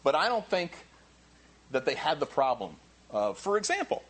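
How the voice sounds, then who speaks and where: Male pastor, sermon, husky, lively pitch, emphatic repetition. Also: normal speed. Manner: animated, repeats key phrases, acts out congregants' voices.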